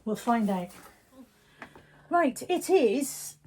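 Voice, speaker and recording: A woman's voice: a little high, animated, extremely slow, a little mellow. A woman chatting casually to camera in her home kitchen, self-deprecating and often dropping to a near whisper. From England. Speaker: vlogger. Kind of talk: casual daily vlog chat.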